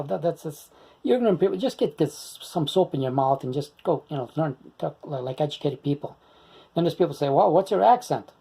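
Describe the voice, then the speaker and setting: An older Italian American man in his sixties speaks straight to the camera in a rambling, insistent monologue. His voice is dark, gravelly and husky, and he pushes his points with combative repetition. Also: a little high. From United States. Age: 60s. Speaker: video blogger.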